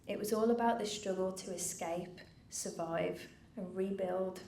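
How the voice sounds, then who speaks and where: A middle-aged woman giving a personal speech from a stage, earnest and measured with dry asides. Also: mid-range voice, fairly even intonation, vocal fry, warm tone. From United Kingdom. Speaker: founder giving a keynote speech. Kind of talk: personal story told from a stage. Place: event venue with a live audience. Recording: roomy venue, faint background noise.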